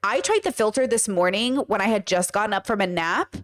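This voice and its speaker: A woman's voice: medium pitch, animated, brisk. A woman hosting a casual commentary stream, blunt and emphatic and swearing freely. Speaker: podcast host.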